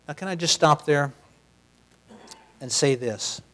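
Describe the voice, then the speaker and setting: A man delivers a sermon in a folksy, conversational manner, his voice on the high side and slow. He swings between loud, shouted passages and a near whisper.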